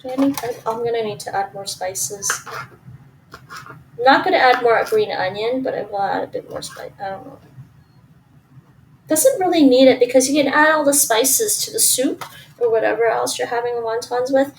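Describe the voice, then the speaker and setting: A woman's voice: a little high, moderate pace, distant mic, a little hiss or hum, poor audio. A woman, chatting casually and thinking aloud while she cooks at home and answers her stream chat. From Toronto, Canada. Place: home kitchen.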